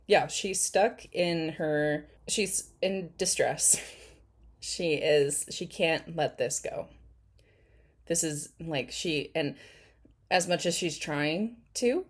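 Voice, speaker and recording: A woman with a low voice talks through a video in loose, rambling commentary. She laughs often and fills her pauses with ums, keeping the tone casual and chatty. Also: a little hiss or hum. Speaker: commentary YouTuber.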